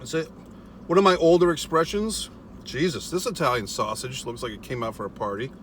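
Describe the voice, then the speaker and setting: A man's voice: mid-range voice, brisk, slight background noise. A man ranting casually to his viewers while he eats, swearing often and talking in wry, rambling asides. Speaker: vlogger. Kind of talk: casual eating vlog rant. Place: in a car.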